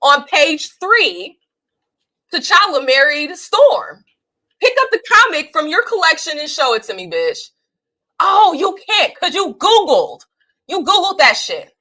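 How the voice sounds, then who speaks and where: A woman talks straight to her live-stream chat in a high, bright voice. She swears freely and hammers her points with emphasis. She breaks into laughter often between her points. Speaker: streamer and channel host. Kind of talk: casual live-stream commentary.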